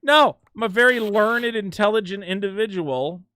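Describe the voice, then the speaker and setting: A man hosting a call-in show, chatting in an animated way and sometimes breaking into loud mock shouting. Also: high voice, moderate pace. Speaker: host.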